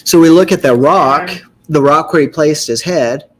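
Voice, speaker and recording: A man leading a group Torah study discussion, explaining scripture and sounding out Hebrew words in a measured, teaching manner. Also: on the high side.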